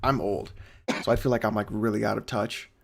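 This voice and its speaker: A man's voice: on the low side, fairly even intonation, a little fast, gravelly. A married man co-hosting a podcast, telling stories in a laid-back, teasing way. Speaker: podcast co-host. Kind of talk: casual banter.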